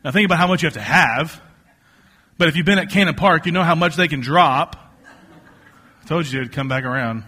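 A man preaching a casual, joking sermon to a congregation, telling stories with lively asides. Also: on the high side, brisk, pauses often, slightly rough. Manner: conversational, joking, animated storytelling. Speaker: pastor. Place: church stage before a congregation.

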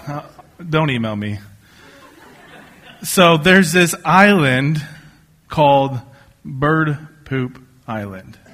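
A man's voice: a little high, a bit bright. A man preaching a sermon, telling stories with jokes and many fillers and restarts. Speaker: pastor.

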